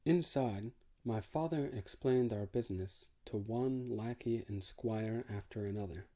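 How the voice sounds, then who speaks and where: A man narrating an audiobook in the first person, in a measured, wry way. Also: lowish voice, mellow.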